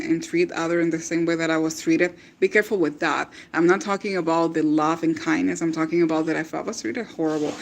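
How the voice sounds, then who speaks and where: A woman speaks on a devotional livestream in a chatty, encouraging manner. She laughs often and repeats words as she goes. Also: on the low side. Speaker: online prophetic speaker.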